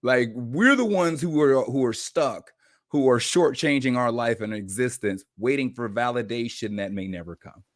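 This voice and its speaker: A man on a podcast as a guest coach, telling a story in an animated, informal way. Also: mid-range voice, normal speed, dry recording, studio quality. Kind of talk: casual storytelling.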